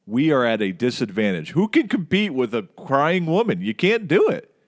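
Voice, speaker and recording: A middle-aged man hosting a casual podcast chat, telling stories with lively mimicry of people yelling. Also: moderate pace. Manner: animated storyteller, mimics yelling in a much higher voice.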